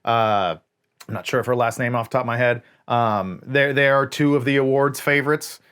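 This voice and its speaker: A man co-hosting a casual movie review show, measured and hesitant, often restarting his sentences. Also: mid-range voice, steady tone, a bit bright, clear, resonant tone. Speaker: podcast co-host.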